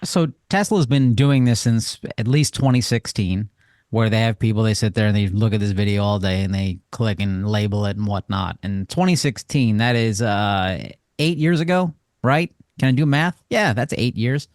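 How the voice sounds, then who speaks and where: A man's voice: fairly low pitch, normal speed, a little mellow, dry recording, studio quality. A man co-hosting a podcast in casual chat, joking and sarcastic as he sums up news stories. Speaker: podcast co-host.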